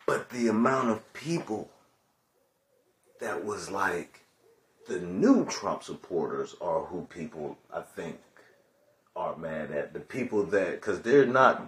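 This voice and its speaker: Brief: man, podcast host, joking and slangy, swinging pitch, roomy echo. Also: sing-song, takes it slowly, a little hiss or hum. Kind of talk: casual chat.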